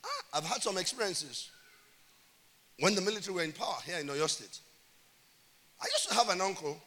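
High, bright-voiced pastor preaching. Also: male voice, animated, brisk. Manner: emphatic preaching with call-and-response. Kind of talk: sermon. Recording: reverberant church hall.

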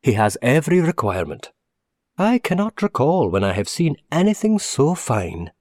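A man's voice: a little high, wildly swooping pitch, normal speed, a little mellow, no room sound, clean studio sound, pitched above the performer's own voice. A man voicing a fussy, eager middle-aged male manager who speaks earnestly and formally.

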